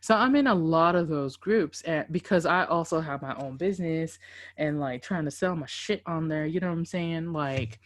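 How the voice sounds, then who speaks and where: A woman chatting on a podcast, her voice sitting a little low. She tells stories loudly and animatedly, swears freely and laughs often. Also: moderate pace. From Dallas–Fort Worth area, Texas. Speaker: podcast co-host. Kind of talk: casual chat.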